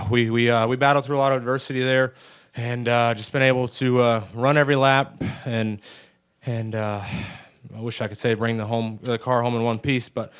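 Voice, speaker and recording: A young man, a race car driver, answers press questions in a halting, emotional way with frequent sighs. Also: medium pitch, flat delivery, smooth. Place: post-race press room.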